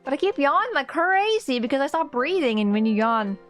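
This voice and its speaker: A woman's voice: sits high, very animated, a little fast, fairly bright tone, soft background music. Chatty woman streamer who laughs a lot. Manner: chatty, rambling, laughs often. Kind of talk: casual chat while playing a game.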